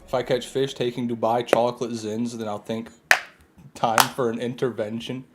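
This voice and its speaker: A man's voice: medium pitch, flat delivery, normal speed, noisy background. A man streaming a game live, chatting casually with viewers and answering their comments, sometimes with sarcastic jabs.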